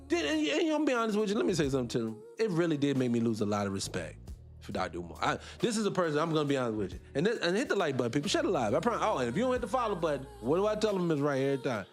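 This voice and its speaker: A man's voice: a little high, big pitch swings, racing, faint music behind. A middle-aged man from the United States hosting a casual livestream, talking emphatically and firing off rhetorical questions. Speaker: livestream host.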